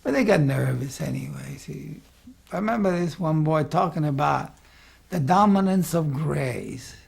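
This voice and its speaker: Gravelly older man reminiscing. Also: on the high side, animated, unhurried, a little mellow. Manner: rambling storyteller, keeps saying "see". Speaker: former art school president. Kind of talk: archival oral history interview.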